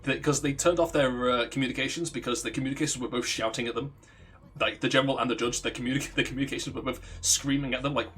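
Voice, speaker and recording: A man's voice: medium pitch, steady tone, fast, a bit bright, a little hiss or hum. Rambling, swearing male streamer. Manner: rambling, profane, laughs at own story. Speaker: let's play streamer. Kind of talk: casual storytelling while gaming.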